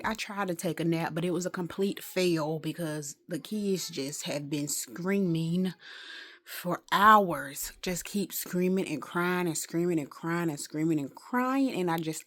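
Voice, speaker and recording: A woman's voice: fairly low pitch, unhurried, a bit bright. A woman talking casually to a phone camera at home in a rambling day-in-the-life vlog, with exasperated asides. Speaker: vlogger.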